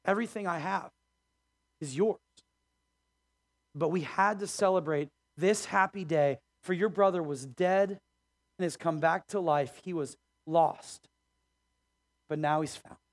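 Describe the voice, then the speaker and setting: A preacher playing a gentle father, speaking low, soft and unhurried. The voice drops beneath the preacher's usual pitch and grows quiet and tender. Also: dry recording, clean studio sound. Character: gentle loving older father.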